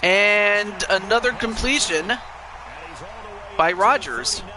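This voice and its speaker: A man's voice: high-pitched, slow, a crowd in the background. A man calling the plays of a football video game with a friend, in a casual style with hesitant fillers. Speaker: co-commentator.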